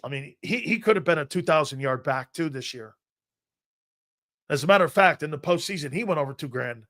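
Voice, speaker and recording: Sports talk host, man, fairly high, bright and forceful voice, emphatic and argumentative, loops back on his phrases. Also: animated, a little fast. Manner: emphatic, argumentative, repeats himself while building a point. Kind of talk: opinionated sports talk on a live stream.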